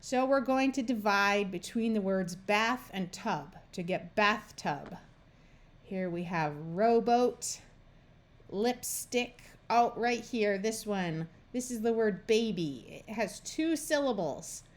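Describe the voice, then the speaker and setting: An American woman walks learners through syllable rules at an unhurried pace. Her voice sits in a medium range. She says each sound and word one at a time with patient care. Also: mid-range voice, animated. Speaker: reading tutor. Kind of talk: slow, careful phonics lesson.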